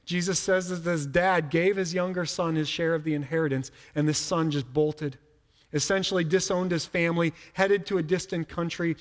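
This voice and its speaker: A middle-aged man preaching a sermon in a relaxed, conversational way, often repeating a word as he starts a sentence. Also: a little high, in a large hall. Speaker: pastor.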